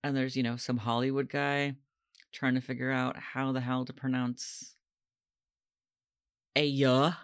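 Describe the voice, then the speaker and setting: A man's voice: mid-range voice, completely flat delivery, a little slow, long pauses, clear, resonant tone. A man in his thirties from Maine hosting a podcast, chatty and self-deprecating in casual conversation. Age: 30s. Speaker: podcast host. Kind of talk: casual chat.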